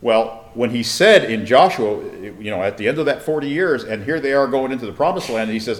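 A man's voice: medium pitch, animated, fairly quick, few pauses. A man giving a conversational sermon, reading scripture and asking his listeners rhetorical questions. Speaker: Bible teacher.

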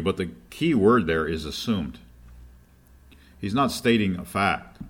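A man teaching a verse-by-verse Bible lesson in an explanatory way, putting rhetorical questions to his listeners. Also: fairly low pitch.

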